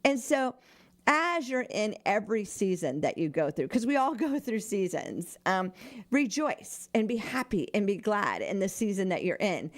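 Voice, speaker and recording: Older woman, radio host, mid-pitched, earnest, chatty, laughing, studio mic. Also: very animated, normal speed. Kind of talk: devotional talk on radio.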